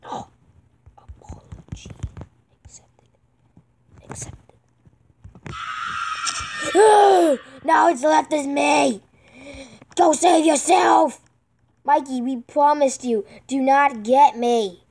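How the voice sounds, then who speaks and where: A woman giving excitable let's-play commentary while gaming online with friends, yelping, pleading with the game and repeating herself. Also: high-pitched, slow, pauses often, a little hiss or hum. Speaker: gamer playing online with friends.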